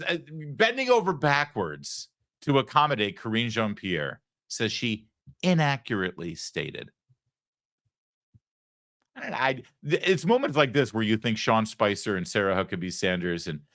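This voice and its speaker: Male commentary host, mocking and sarcastic, swoops up and down in pitch. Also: big pitch swings, normal speed, sharp tone, dry recording, clean studio sound. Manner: sarcastic, mocking, acts out quoted voices. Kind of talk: opinion monologue.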